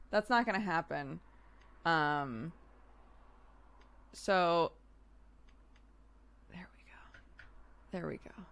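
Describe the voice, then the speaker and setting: A woman's voice: on the low side, slow pace, pauses often, a bit bright. A woman hosting a live stream in casual chat, giggly and chatty, laughing often. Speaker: streamer host.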